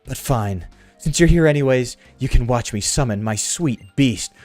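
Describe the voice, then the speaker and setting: Dude reading as a snooty cruel game mom, scornful, pretty lively pitch, dry sound. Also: male voice, normal speed, no echo, soft background music, close to an everyday voice. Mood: cold. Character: cold, haughty mother villain woman. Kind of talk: reading game dialogue aloud.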